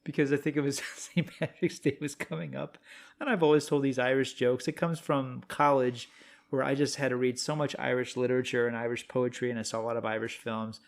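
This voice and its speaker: A man co-hosts a casual movie podcast. His talk is jokey and animated, at a middle pitch. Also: a little fast, creaky. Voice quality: jokey, animated, breaks into silly voices. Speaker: podcast co-host. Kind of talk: casual film chat.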